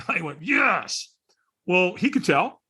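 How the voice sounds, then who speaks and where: A podcast guest spins a story with real animation, his pitch leaping up and down as he acts out the people in it. His voice sits a bit high for a man, with a husky edge to it. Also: fairly quick. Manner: lively storyteller who acts out quoted people.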